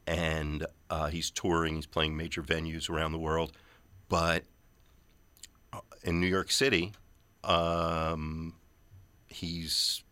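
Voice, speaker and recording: A man's voice: low voice, sharp tone, no room sound. A man hosting a radio interview, talking conversationally and setting out the background at length. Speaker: radio host.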